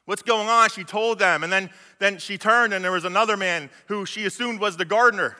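Guy giving a sermon, high voice, super bright, casual slangy storytelling, long echo from a big church hall. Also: fairly quick. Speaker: preacher.

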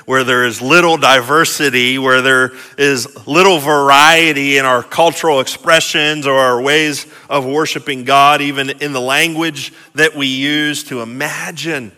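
Bright-voiced pastor preaching in a reverberant hall. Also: male voice, medium pitch, fairly even intonation, unhurried, few pauses. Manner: earnest, repeats and restarts phrases, swings from quiet to emphatic. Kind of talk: sermon.

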